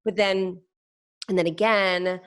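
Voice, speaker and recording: A woman's voice: on the low side, steady tone, slow. A woman hosting a casual chat, enthusiastic and blunt, swearing casually. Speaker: host.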